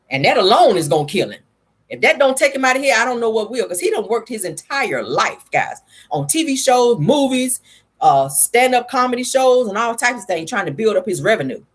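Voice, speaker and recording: A woman's voice: a little high, breathy edge. A woman vlogger giving casual gossip commentary in a sassy, chatty way, calling her viewers honey.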